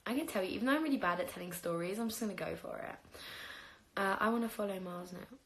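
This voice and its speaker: A young woman talks casually to her viewers on a phone livestream, spinning stories about her own life. She laughs often and swears freely. Her voice sits at a middle pitch with a gravelly, creaky texture. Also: lively intonation, fast talker.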